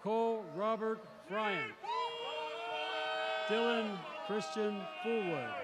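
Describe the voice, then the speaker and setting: A male teacher reading out graduates' names one by one at a graduation ceremony in a large arena, in a measured announcing manner. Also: sits high. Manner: measured, announcing each name, with brief self-corrections. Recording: crowd noise in a large arena. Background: crowd cheering.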